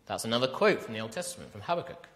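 Animated male preacher in a reverberant hall. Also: medium pitch, very fast. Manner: animated, emphatic, asks the congregation questions. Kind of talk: sermon.

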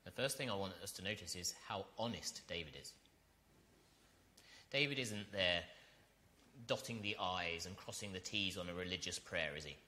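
A man preaching a sermon, earnest and direct, asking his listeners questions and building to loud, emphatic peaks. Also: deep voice, normal speed, long pauses. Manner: asks the congregation rhetorical questions.

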